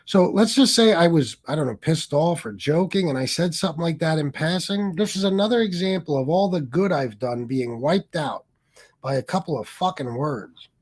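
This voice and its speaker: A man's voice: fairly high pitch, animated, normal speed. A middle-aged man hosting a livestream, talking in a defensive, rambling, profane way. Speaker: livestream host. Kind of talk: casual livestream monologue.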